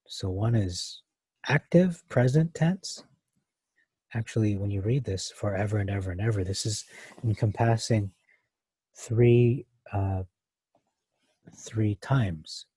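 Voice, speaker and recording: A man's voice: fairly low pitch, slow pace, long pauses, mellow, slightly rough, dry recording. A man teaching a verse-by-verse Bible study, thinking aloud with many fillers and restarts.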